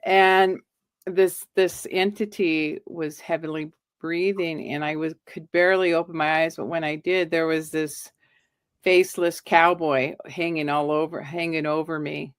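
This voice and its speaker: A woman's voice: low-pitched, unhurried, clean tone, dry recording, clean studio sound. A middle-aged woman telling a personal ghost story, acting out the lines she quotes. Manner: animated, acts out quoted lines. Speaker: guest storyteller.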